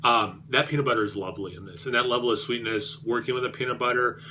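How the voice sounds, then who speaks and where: A man's voice: medium pitch, fairly even intonation, fast, sharp tone, a little hiss or hum. A man reviewing beer on his vlog, rambling and self-deprecating, with many fillers and restarts.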